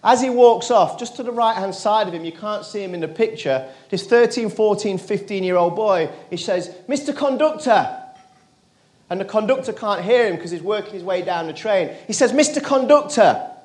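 A motivational speaker addresses a crowd. His voice sits fairly high for a man, and he talks earnestly, sinking low and quiet when he quotes other people. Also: fairly quick, few pauses. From England. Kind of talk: storytelling speech to an audience.

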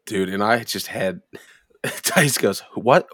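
Low-voiced man telling profane bar stories. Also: slow, dry recording, clean studio sound. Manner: profane storytelling, lively quoted voices. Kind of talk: casual chat.

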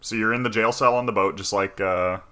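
A man's voice: fairly low pitch, fairly even intonation, fairly quick, bright, forceful tone. A man casually recapping a video game story, rambling with lots of filler words and acting out the characters' lines. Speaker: podcast co-host recapping a game. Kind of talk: casual chat.

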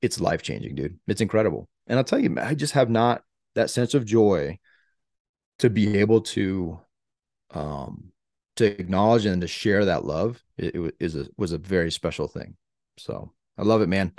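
A man's voice: deep voice, lively intonation, moderate pace, gravelly, a little mellow, no echo, clean studio sound. A man co-hosting a podcast, talking earnestly and motivationally in a casual chat, with lots of filler words. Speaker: podcast co-host.

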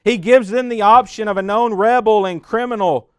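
Male preacher, guided-sermon narration, higher-pitched dry voice, big loud-to-hushed swings. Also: normal speed, clean tone, no echo. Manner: addresses the listener as "you", swelling loud then dropping hushed.

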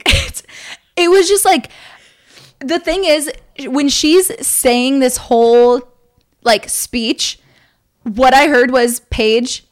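High-voiced young woman telling a story excitedly. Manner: excited, fast storytelling with many fillers. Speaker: podcast co-host. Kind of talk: casual chat.

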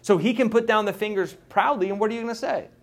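Animated male preacher, slightly high voice. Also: fast talker. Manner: animated, mimics voices, laughs. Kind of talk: sermon.

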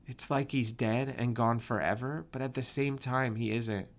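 A man voicing a grieving young woman who speaks quietly in an audiobook. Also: mid-range voice, steady tone, moderate pace, natural voice. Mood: subdued.

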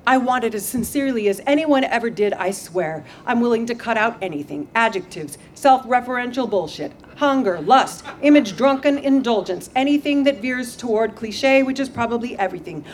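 A woman's voice: fairly high pitch, lively intonation, moderate pace, slight background noise. A woman poet performing her poems at a live reading, intense and dramatic by turns and wry and self-mocking by turns. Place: outdoor backyard venue.

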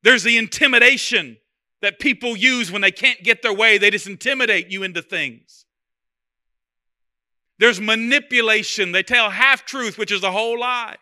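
A man's voice: high voice, normal speed, bright, forceful tone. A man preaching a sermon as pastor, talking in a loose, conversational way with humor and repeated phrases.

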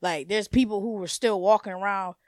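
A young woman hosting her own podcast, ranting in a blunt, profane, animated way and laughing often. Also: mid-range voice, brisk, no room sound, clean studio sound. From United States. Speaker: podcast host. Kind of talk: casual solo podcast rant.

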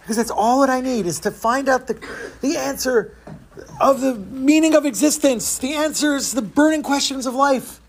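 A man's voice: high voice, expressive, moderate pace, darkish tone, a little hiss or hum, voice pushed up. A man voicing a desperate male seeker who pleads for answers in a raised, strained voice. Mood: pleading, distraught. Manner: pleading, rising voice.

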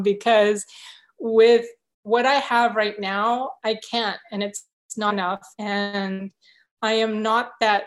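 A woman's voice: medium pitch, fairly even intonation, slow pace. A woman guest in a conversational interview, telling her story in an earnest, openly emotional way.

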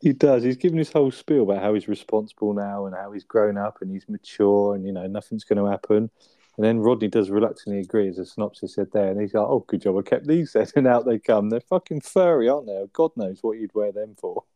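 A man's voice: fairly low pitch, quick pace, warm tone, no room sound. A man in casual chat, retelling sitcom scenes with frequent laughter and swearing. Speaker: podcast co-host.

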